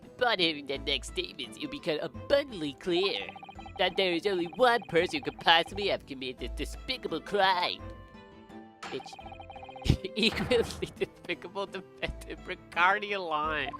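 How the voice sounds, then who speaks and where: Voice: medium pitch, lively intonation, normal speed, fairly bright tone, faint music behind, close to an everyday voice. A streamer reading a game aloud and putting on the haughty, theatrical voice of a scheming prosecutor. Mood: smug. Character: smug scheming male prosecutor.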